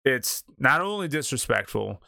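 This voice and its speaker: A man's voice: mid-range voice, very animated, moderate pace, creaky, bright, forceful tone, dry recording, clean studio sound. A man co-hosting a casual sports podcast, ranting bluntly and with exasperation. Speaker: podcast co-host.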